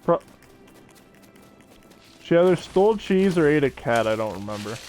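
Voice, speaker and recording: Faint music plays behind this young gaming streamer, whose slightly high, darkish voice has a sing-song lilt. Playing a survival game, he chats loosely with his viewers and friends, drifting between jokes and laughing readily.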